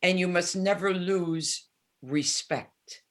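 Speaking slowly at a fairly low pitch, a musician in her seventies guests on a casual interview. She's open and animated, voicing the people in her stories as she quotes them.

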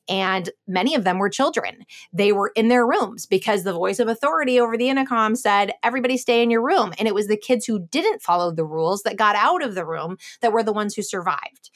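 Middle-aged woman guest, mid-pitched, talking loosely with lots of "you know" and restarts. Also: fairly bright tone. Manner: explains at length with many fillers and restarts. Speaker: guest, former intelligence officer and author. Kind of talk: casual interview answer.

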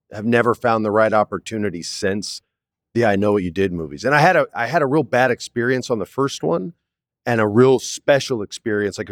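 A man's voice: medium pitch, no room sound, clean studio sound. A man in his forties, an actor guest, telling stories in a casual interview and acting out the quotes. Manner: animated storyteller, acts out quotes, says "man" often. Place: studio, in person.

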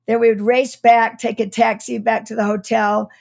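Higher-voiced woman telling a childhood story. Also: little pitch movement, moderate pace, gravelly. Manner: warm, reflective, with soft laughs and restarts. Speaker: guest author. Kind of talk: storytelling in an interview.

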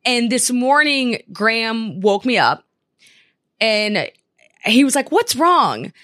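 A woman's voice: on the high side, takes it slowly. A young woman co-hosting a podcast, telling stories in casual chat and acting out the dialogue. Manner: animated storyteller, acts out quoted dialogue. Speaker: podcast co-host.

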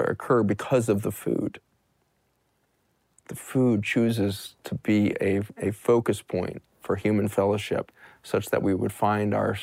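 A man's voice: fairly low pitch, creaky, darkish tone, dry recording. A middle-aged man, a doctor, giving an earnest, impassioned storytelling talk and posing rhetorical questions. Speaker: doctor and guest speaker.

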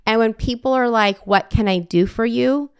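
A woman in her forties hosts a casual podcast conversation, telling heartfelt stories earnestly and with emotion. Her voice is a little high and smooth, at a moderate pace, with no echo.

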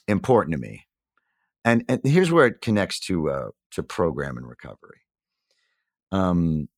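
A middle-aged man being interviewed, speaking candidly and reflectively. He often pauses, uses fillers and restarts his sentences as he searches for words. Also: deep voice, no room sound, clean studio sound. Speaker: guest.

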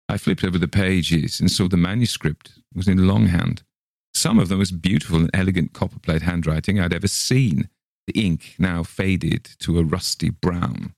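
A man's voice: deep voice, fairly even intonation, moderate pace, vocal fry, a little mellow, dry recording. A man reading a short story aloud in a dry, wry narrating manner.

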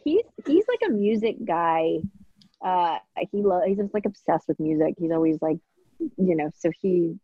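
Young actress, animated giggly storyteller, husky edge, dry close sound. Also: female voice, fairly low pitch, moderate pace, dry recording, muffled recording. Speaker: actress interviewed about a series. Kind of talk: casual interview chat.

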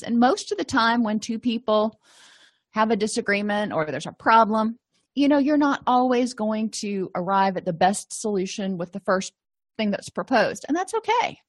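A woman teaching therapy skills to clinicians in a conversational way, often acting out short sample dialogues. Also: mid-range voice. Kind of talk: lecture to clinicians.

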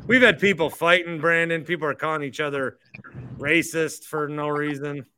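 Bright-voiced joking podcast host man. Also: on the high side, steady tone, moderate pace, slight background noise. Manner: joking, teasing callers. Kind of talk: casual call-in chat.

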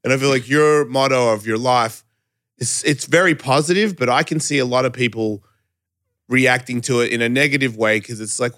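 A man hosting a casual conversation, rambling and swearing freely, cutting in with quick questions. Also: medium pitch, fairly bright tone, no echo, studio quality. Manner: rambling and profane, quick interjections. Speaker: host.

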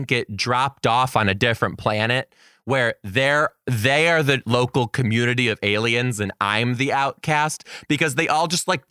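Young male podcast host, bright voice, animated comic storyteller, dry close recording. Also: clear, resonant tone, no room sound. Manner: animated, jokey, laughs often, squeals into high voices for quotes. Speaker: podcast host and kindergarten teacher. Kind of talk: comedic storytelling.

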